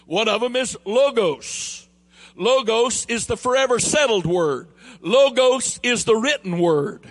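A man with a Southern US accent preaching a sermon, emphatic and building to near shouts, then easing into quieter storytelling. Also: very high voice, animated, unhurried. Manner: emphatic, rising to near shouts on key phrases; drops into a quieter storytelling tone for anecdotes.

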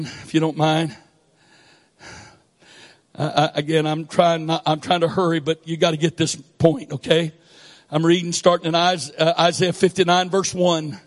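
A man with a Southern US accent preaching a sermon, swinging between shouted lines and quiet asides. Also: a little high. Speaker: pastor.

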